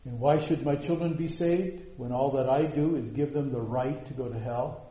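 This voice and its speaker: A man preaching a sermon, slow and emphatic, dropping to hushed lines and rising to loud, soaring quotations. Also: mid-range voice, reverberant, highs cut off. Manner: slow, drawn-out emphatic delivery.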